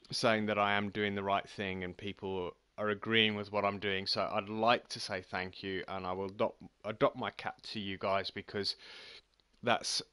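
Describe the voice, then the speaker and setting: A man's voice: lowish voice, bright, forceful tone, smooth, no echo. A man giving casual, self-critical commentary on his own golf video game round and signing off to viewers. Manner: frank, self-critical, chatty sign-off. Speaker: gaming channel host.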